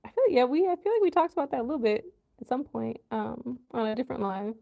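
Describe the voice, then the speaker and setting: A woman from the USA hosts a relaxed livestream from home and talks in a loose, rambling way full of ums and likes. Her voice is mellow and dark, with a gravelly fry underneath. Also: a little high, quick pace, dull audio. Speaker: livestream host. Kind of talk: casual live chat with viewers.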